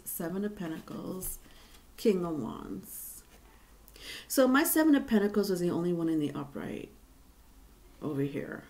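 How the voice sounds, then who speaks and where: A woman giving a casual tarot reading to viewers, rambling and chatty with many fillers and restarts. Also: fairly low pitch. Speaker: tarot reader.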